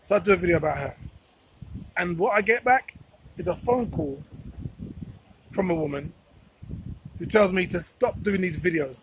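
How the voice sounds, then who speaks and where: A man's voice: high-pitched, moderate pace, long pauses, slight background noise, rough recording. A man talking straight to camera in a commentary vlog, emphatic and repeating phrases for stress. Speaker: vlogger.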